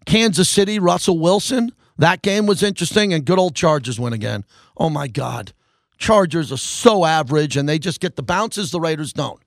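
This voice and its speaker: A man hosting a sports talk radio show into a studio microphone, ranting and fired up, swinging between loud bursts and low grumbles. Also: moderate pace, gravelly, no room sound.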